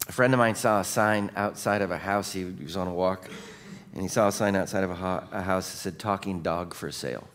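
A male pastor preaching a sermon in a lively, conversational way, cracking jokes and calling for responses from the congregation. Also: sits low, brisk.

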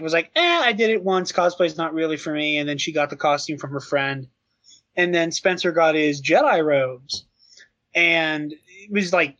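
A young man chatting casually on a podcast, telling a funny story with excitement and frequent laughter. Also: fairly high pitch. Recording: slightly dull lo-fi sound.

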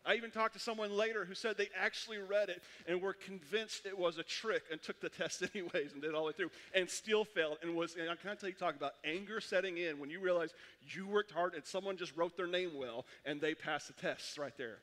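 A man preaching a sermon as pastor, telling stories in an animated way with quick restarts. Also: sits high. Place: church sanctuary. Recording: long hall reverb.

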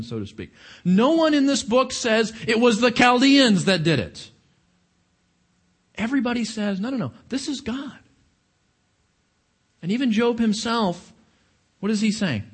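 A man's voice: sits high, slightly rough. A man preaching a sermon, questioning his congregation and stressing his points. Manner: questioning the audience, emphatic.

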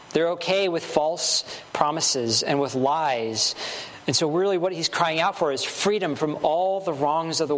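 A man's voice: a little high, a bit bright, a little hiss or hum. A man preaching a sermon earnestly, building emphasis with short repeated phrases.

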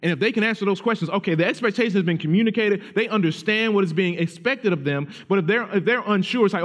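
A man's voice: high-pitched, fast, hardly any pauses, a bit bright. A man in his thirties, a pastor preaching about parenting in an earnest, conversational way, often restarting his phrases. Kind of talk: sermon on parenting. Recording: long hall reverb.

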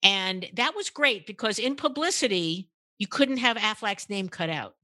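Older woman guest, animated storyteller, bright voice, dry close mic. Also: normal speed, no echo. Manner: acts out quotes with big pitch jumps, many restarts. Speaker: guest, purpose marketing consultant. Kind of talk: animated storytelling in a podcast interview.

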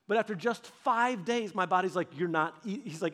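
A woman giving devotional teaching on fasting in a conversational, animated storytelling manner. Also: medium pitch. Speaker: church leader.

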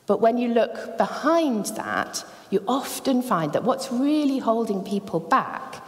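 Woman preaching with lively pitch. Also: unhurried, few pauses. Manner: lively storytelling, acting out voices. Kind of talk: sermon. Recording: long church reverb.

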